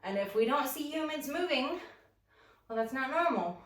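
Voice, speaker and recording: Heard from a distance in a roomy space, a woman whose voice sits high guides a morning stretch at a moderate pace. As she does, she rambles chattily through a story, livening up when she acts parts of it out.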